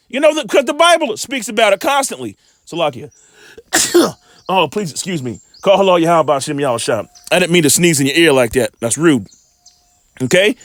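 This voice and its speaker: A man reading scripture slowly and deliberately, breaking off into casual asides as a teacher. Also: high-pitched, sing-song, a bit bright, no echo, studio quality.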